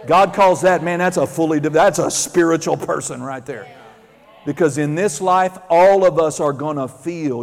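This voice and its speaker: High-voiced preacher man in a reverberant church. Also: moderate pace. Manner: animated, rising to shouts, acts out quotes. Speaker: pastor. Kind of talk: sermon. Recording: long hall reverb.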